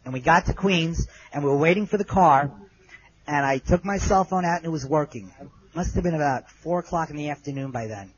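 A middle-aged man telling a personal story in an earnest way. His voice goes low and soft at the moving parts. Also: a little fast, highs cut off.

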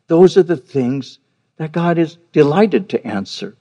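A man's voice: on the high side, expressive, a little slow, dark tone. A man in his fifties or older preaching a sermon, telling a personal story earnestly and repeating words for emphasis. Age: 50s or older. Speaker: pastor.

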